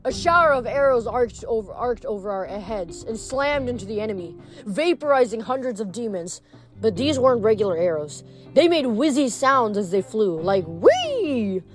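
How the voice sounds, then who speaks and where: A woman reads a novel aloud in a casual, unpolished way, sometimes tripping over words and starting them again. Her voice sits a bit high. Faint music plays quietly behind her. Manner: casual reading with frequent slips and restarts. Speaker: reader.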